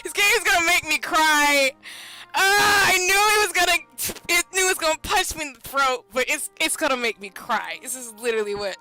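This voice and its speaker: Excitable high-voiced woman streamer. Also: brisk, faint music behind, poor audio. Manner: excitable, loud, laughing, swearing. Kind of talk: game stream reaction commentary.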